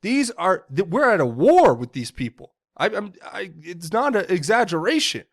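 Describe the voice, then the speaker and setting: Heated ranting man, higher-pitched voice. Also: big pitch swings, moderate pace. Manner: heated, indignant, stumbles and repeats words. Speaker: political commentator. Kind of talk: ranting political commentary.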